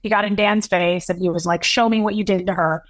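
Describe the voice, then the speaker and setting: A woman speaks as an interview guest, telling a painful story at length. Her talk is halting and emotional, with restarts. Her voice sits at a medium pitch and the sound is close and dry. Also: fairly even intonation, dry recording. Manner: emotional, long-winded, halting recounting.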